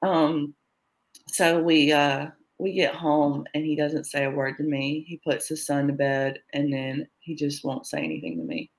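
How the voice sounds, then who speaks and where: A woman's voice: low-pitched, a little slow. Woman telling a painful personal story. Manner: tells events in present tense, acting out quoted lines. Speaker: interview guest telling her story.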